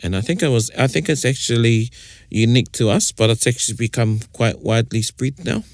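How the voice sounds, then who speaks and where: A man's voice: mid-range voice, animated, a little fast, dry recording. A man hosting a casual podcast, playfully teaching te reo phrases and acting out examples. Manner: playful, mixes Māori and English, acts out example lines. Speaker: host.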